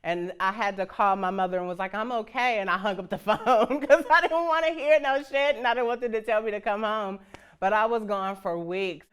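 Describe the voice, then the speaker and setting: A woman's voice: mid-range voice, steady tone, fairly quick, fairly bright tone, clean tone. A woman in her fifties from Northern California, frankly telling her life story and acting out the voices of the people she quotes. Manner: frank, salty, laughs as she talks. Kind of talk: personal storytelling.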